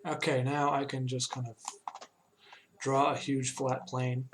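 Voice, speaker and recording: A man chatting casually while he animates on a live stream, halting often with fillers and restarts. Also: mid-range voice, little pitch movement, very noisy. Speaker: animator streaming his work.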